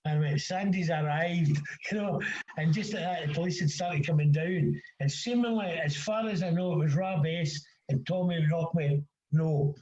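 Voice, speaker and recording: A man telling lively anecdotes in casual chat, acting out the dialogue and laughing often. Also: fairly high pitch, moderate pace, slight background noise. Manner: animated storyteller, acts out dialogue, laughs often. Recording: dull, echoey sound.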